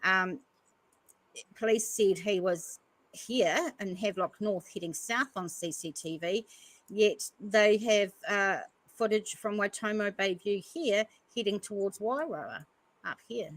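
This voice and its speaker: A woman's voice: mid-range voice, a little slow, poor audio. Earnest New woman reading news. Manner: earnest, stops often to comment between passages. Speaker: podcast host. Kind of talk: reading news articles aloud with commentary.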